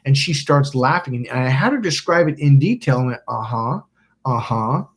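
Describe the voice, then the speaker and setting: Man, self-help host, casual storytelling, rambling, acts out quotes, slightly high pitch. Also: lively intonation, brisk. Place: indoors by a smoking candle.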